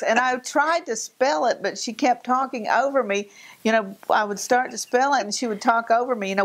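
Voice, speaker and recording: A woman from Virginia and North Carolina with a Southern Appalachian accent, co-hosting a casual chat and telling animated stories. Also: on the high side, a little fast. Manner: animated storyteller, mimics voices. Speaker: co-host.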